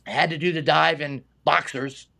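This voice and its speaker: A middle-aged man, a stunt man telling animated anecdotes in a casual interview, acting out the voices of the people in them and laughing often. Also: fairly high pitch, moderate pace, vocal fry. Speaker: stunt man and high diver, guest.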